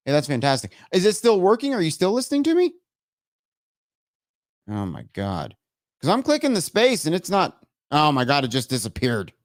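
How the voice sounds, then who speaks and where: A man with a high, very animated voice hosts a live show at normal speed, recorded at studio quality with no echo. Chatting casually on the stream, he gets exasperated and laughs at his own tech troubles.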